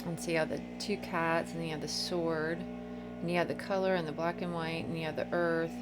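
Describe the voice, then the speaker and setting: A woman's voice: deep voice, little pitch movement, normal speed, loud music behind the voice. A woman teaching about tarot cards in a casual, meandering way, often restarting her sentences and reading passages aloud from a book. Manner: chatty and meandering, with many fillers and restarts.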